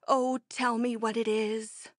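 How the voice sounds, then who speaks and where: A woman's voice: fairly high pitch, flat delivery, slow, no room sound, clean studio sound. A woman voicing a frightened, fretful friend in an audiobook, with wailing, trembling pleas. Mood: tearful. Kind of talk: audiobook character reading.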